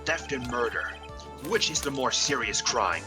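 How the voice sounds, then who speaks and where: A man's voice: mid-range voice, lively intonation, a little slow, over music, lightly acted. A man playing an earnest young defense lawyer. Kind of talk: fan voice acting of a game.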